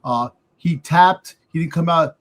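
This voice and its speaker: A man co-hosting a casual wrestling podcast, talking haltingly with many fillers and quick to agree. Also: a little high. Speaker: podcast co-host.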